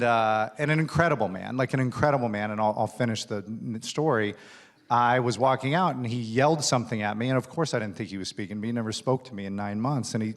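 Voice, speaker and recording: A man speaking as the guest at a conference keynote, telling a long career anecdote in a self-deprecating, chatty way with frequent fillers. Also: lowish voice. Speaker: studio executive, keynote guest. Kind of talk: onstage conversation, storytelling. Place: conference stage.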